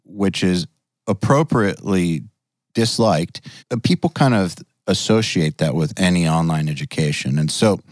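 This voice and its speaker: A man hosting a casual podcast chat as an online educator, relaxed and opinionated, swearing casually. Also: deep voice, normal speed, dry recording, clean studio sound.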